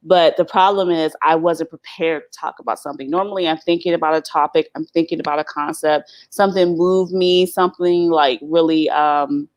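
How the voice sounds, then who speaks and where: A middle-aged woman hosting a casual live stream, blunt and animated, laughing often as she chats. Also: low voice, moderate pace, few pauses.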